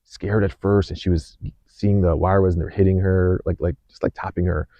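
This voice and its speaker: Earnest and unhurried, a podcast host shares a personal story in a very deep, gravelly voice with a level, warm tone, frequently restarting sentences and filling pauses. The sound is dry and a little dull, with no room sound.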